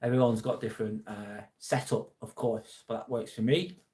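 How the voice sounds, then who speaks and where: Livestream host, male, Lancashire accent, mid-pitched, earnest, casual, occasional swearing. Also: steady tone, normal speed, warm tone. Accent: Lancashire English. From England. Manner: earnest, supportive, swears now and then. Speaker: live stream host. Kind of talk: casual live-stream chat reading viewer comments.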